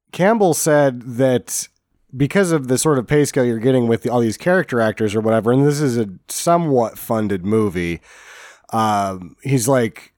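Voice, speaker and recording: A man in the middle of a relaxed podcast chat, rambling loosely and chuckling as he goes. His voice sits at an ordinary pitch. The recording is dry and close. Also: no room sound. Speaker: podcast co-host. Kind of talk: casual chat.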